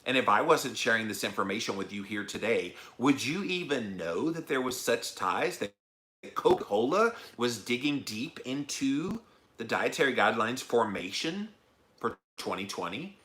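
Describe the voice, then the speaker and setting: A middle-aged man hosting a podcast, ranting passionately to his listeners, with loud emphatic peaks and hushed asides. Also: mid-range voice, big pitch swings, normal speed, slight background noise. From United States. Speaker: podcast host.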